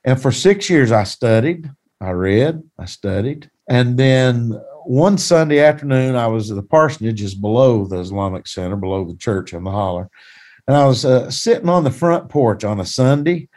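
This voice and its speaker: A man's voice: medium pitch, darkish tone. A man who is a pastor, telling a personal testimony in a plain-spoken, folksy, earnest way.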